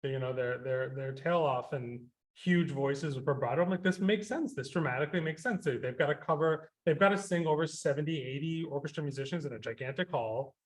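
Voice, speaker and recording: Guy composer chatting on the radio, lots of um and you know, lively when he quotes himself. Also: medium pitch, brisk, few pauses. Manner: rambling, many fillers and restarts; animated when quoting himself. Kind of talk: radio interview.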